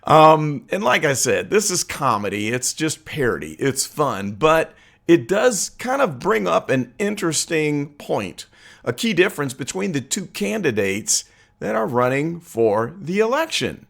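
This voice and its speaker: A man's voice: fairly high pitch, very animated, measured pace, vocal fry, fairly bright tone. A man hosting a political commentary channel, talking casually and chattily to viewers, asking for their opinions and laughing easily.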